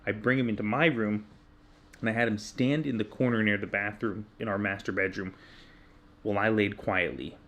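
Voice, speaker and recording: Candid dad telling a late-night story. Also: male voice, fairly low pitch, moderate pace. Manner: candid, self-deprecating, animated when retelling his own yelling. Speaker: podcast co-host. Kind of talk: casual storytelling chat.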